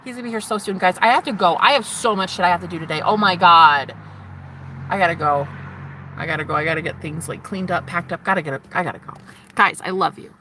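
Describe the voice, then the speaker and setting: A woman hosting her own livestream, rambling dreamily and swinging from giggly to hushed. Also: on the low side, fairly quick, noisy background. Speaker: livestream host. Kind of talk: rambling live-stream chat.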